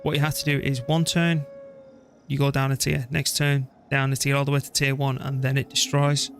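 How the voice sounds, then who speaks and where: Brisk and creaky, with little movement in his medium pitch, this man mutters and mildly swears while casually commentating on the strategy game he's streaming. There's a slight hiss or hum in the audio.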